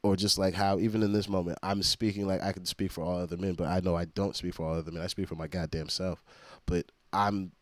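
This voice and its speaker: A man's voice: low voice, little pitch movement, quick pace, dry recording. A man hosting a reaction video, commenting in a blunt, profane, exasperated way.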